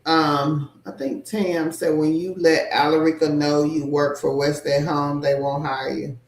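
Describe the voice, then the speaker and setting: A woman's voice: deep voice, flat delivery, measured pace, echoey room, slight background noise. A woman co-hosting a casual livestream, greeting viewers by name and reading out their comments.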